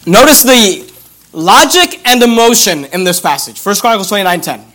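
This high-pitched pastor preaches expressively in a sharp tone, reading scripture aloud. Key phrases come back again and again, and he lingers slowly over verses to make his points land.

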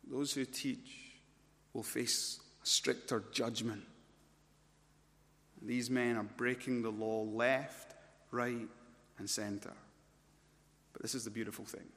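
A man preaching an expository sermon, working through a passage and getting louder and higher when he presses a point. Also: steady tone, takes it slowly, long pauses. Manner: rises to loud, high-pitched emphasis when stressing points. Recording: long hall reverb.

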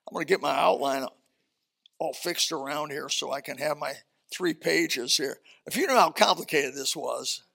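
A man preaching a sermon as pastor, animated and folksy, swinging from loud emphasis to quiet asides. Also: fairly high pitch, moderate pace, gravelly.

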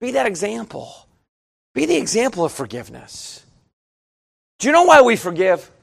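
A middle-aged man preaching a sermon, shifting from chatty storytelling to loud, emphatic preaching. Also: sits high, huge pitch swings, moderate pace, creaky. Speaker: pastor.

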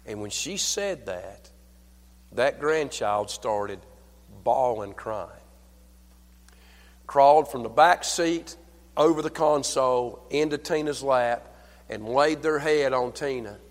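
An older man preaching a sermon at a church service. He tells folksy stories, calls for amen, and swings from hushed lines to loud, fervent preaching. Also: mid-range voice, expressive, takes it slowly, long reverb tail. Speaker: pastor.

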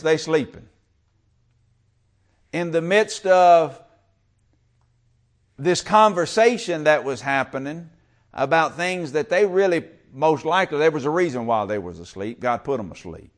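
A man preaching a sermon at a middle pitch. He moves from loud, drawn-out calls to hushed whispers. He turns to the congregation with direct questions. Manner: talks with the congregation, calls for amen and uses y'all. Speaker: pastor.

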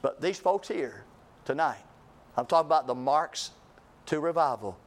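A man preaching a revival sermon, repeating phrases and swinging from booming calls to hushed, low lines. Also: lively intonation, normal speed.

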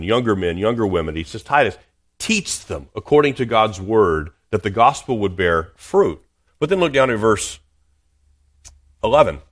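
A man preaching a sermon as a pastor, earnest, often restarting and repeating words as he reads and explains scripture. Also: fairly low pitch.

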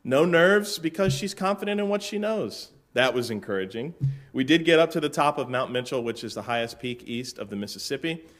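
A middle-aged man from Florida, a pastor telling a relaxed story from the pulpit with dry humor and lots of fillers. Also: mid-range voice, a little fast. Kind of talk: casual sermon-opening story.

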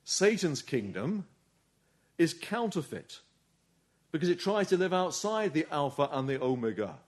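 A man's voice: a little high, very animated, unhurried. A man preaching a sermon, earnest and urging, often putting rhetorical questions to his listeners.

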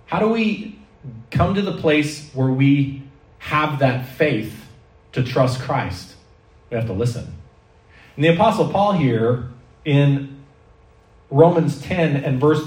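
Lively preacher guy, voice swooping up and down, echoey church heard from a ways off. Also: on the high side. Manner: animated storytelling preacher, acts out quoted voices. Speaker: pastor. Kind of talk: sermon. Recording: echoey hall, mic at a distance.

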